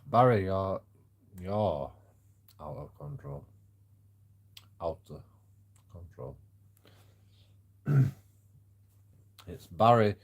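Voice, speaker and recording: A man streaming live who rambles and stammers, swearing freely and swinging between loud outbursts and low mutters. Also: big pitch swings, drawn-out words, pauses often.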